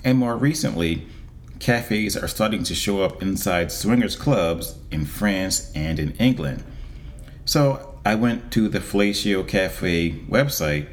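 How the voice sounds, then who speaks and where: A man giving a casual, wry monologue as a vlogger, with deliberate pauses. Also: low-pitched.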